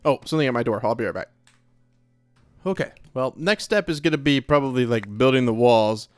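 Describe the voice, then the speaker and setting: A man's voice: medium pitch, a little fast, dry recording, faint music behind. A man hosting a let's play, giving casual gameplay commentary in a chatty, nervous way as he talks to himself. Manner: chatty, nervous self-talk.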